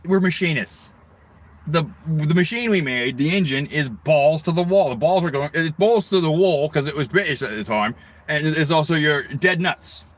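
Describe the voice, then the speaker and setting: A man's voice: fairly high pitch, normal speed. A middle-aged man from the United States hosting a livestream, ranting in a rambling, profane way, swearing heavily and jumping between tangents. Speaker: livestream host.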